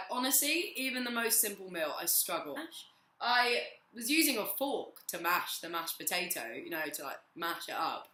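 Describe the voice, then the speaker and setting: A woman's voice: mid-range voice, big pitch swings, moderate pace, sharp tone. Giggly woman vlogging, roomy sound. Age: 20s. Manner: chatty, giggly, rambling. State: voice going hoarse. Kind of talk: casual chat to camera. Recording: roomy echo.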